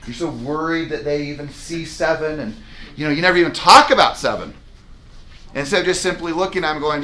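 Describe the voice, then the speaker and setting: A man with a fairly high voice runs a live real estate sales training a little fast, with slight background noise. Energetic and emphatic, he acts out client dialogues in a whiteboard-equipped training room.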